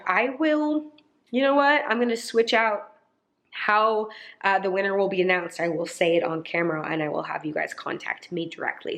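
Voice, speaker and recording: A woman's voice: mid-range voice, fairly bright tone. A young woman vlogger talking to camera in a casual, emotional way, rambling with many fillers, indoors by a sunny window. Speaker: lifestyle vlogger and influencer. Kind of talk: casual apology vlog to camera.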